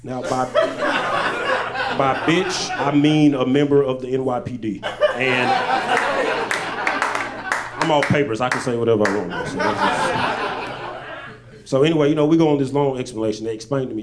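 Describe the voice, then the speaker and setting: Guy doing standup, middle-pitched voice, goes loud then drops low for asides, live stage mic. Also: normal speed, long pauses, heavy background noise. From Arkansas. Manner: loose storytelling, swings between loud bursts and low asides. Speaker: stand-up comedian. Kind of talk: stand-up comedy set.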